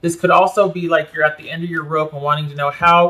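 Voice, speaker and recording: Bright-voiced man reading tarot. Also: fairly high pitch, steady tone, fast. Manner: thinks aloud while turning cards, self-correcting. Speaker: tarot reader. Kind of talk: casual tarot reading to camera.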